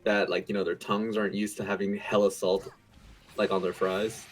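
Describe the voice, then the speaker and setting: A man's voice: fairly low pitch, little pitch movement, a little fast, soft background music, low-quality recording. A man streaming a game and chatting casually, with blunt, profane banter. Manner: blunt, profane, laid-back. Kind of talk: casual chat.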